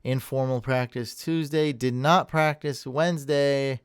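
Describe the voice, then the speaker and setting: A man hosts a podcast in an energetic, rambling way and often laughs at his own slips. His voice is smooth and resonant, recorded close and dry. He sits at a middling pitch for a man. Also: measured pace, dry recording. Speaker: podcast host. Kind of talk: casual chat.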